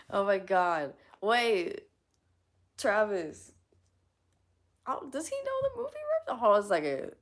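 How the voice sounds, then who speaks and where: Woman streamer reading chat, gravelly voice, giggly, loose and swearing, lively pitch. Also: takes it slowly, pauses often. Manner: giggly, reads chat aloud, swears casually. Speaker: live streamer. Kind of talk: casual live-stream chat.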